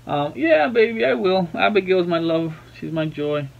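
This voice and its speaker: Chatty, playful dad hosting an art tutorial from home; voice sits slightly high, sound a little muffled. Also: male voice, animated, normal speed, vocal fry. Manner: chatty, playful, breaks off to talk to his baby. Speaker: art tutorial host and father. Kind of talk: casual drawing tutorial narration. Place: at home at a drawing table.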